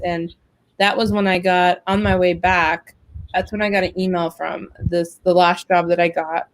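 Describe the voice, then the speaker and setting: A web talk show host, this woman chats casually through a lengthy job-hunting story full of fillers. Her lowish voice keeps a level tone at normal speed, captured on a rough recording.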